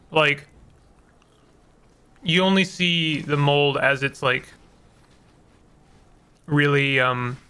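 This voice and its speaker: A man's voice: on the high side, sharp tone, clear, resonant tone. Rambling, joking male game streamer. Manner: rambling, self-mocking jokes, laughs often. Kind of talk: casual gameplay commentary.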